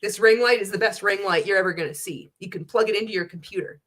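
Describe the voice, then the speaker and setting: A woman's voice: medium pitch, fast talker, heavy background noise, natural voice. A woman doing a mocking impression of an angry, boastful male company boss, blustering and defensive.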